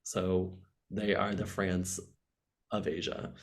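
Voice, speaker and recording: Brief: crude, jokey male co-host, lower voice, loose casual chat. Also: level tone. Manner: blunt, crude and jokey, with quick swings in loudness. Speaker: comedy podcast co-host.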